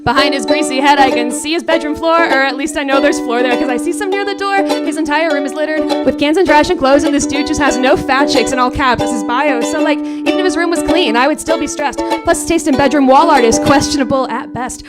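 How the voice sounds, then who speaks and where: A woman in her late twenties, a comedic singer-songwriter, performs a wry, profane sung story live on a saloon stage, adding spoken asides between verses. Her high voice is brisk with hardly any pauses, backed by loud music from her own ukulele.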